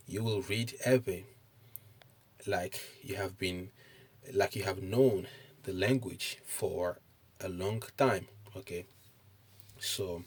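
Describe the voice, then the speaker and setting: A middle-aged man teaching a recorded online language lesson, hesitant, with many pauses and fillers, often checking in with "okay?". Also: fairly low pitch, darkish tone, husky.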